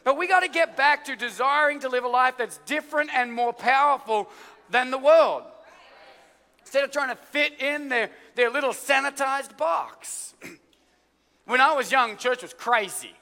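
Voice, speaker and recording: A male pastor delivers a lively sermon in a very high, sharp, bright voice. He tells stories and acts out voices along the way. The sound rings with the long reverb of a large church hall. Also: normal speed. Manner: animated storytelling with acted-out voices.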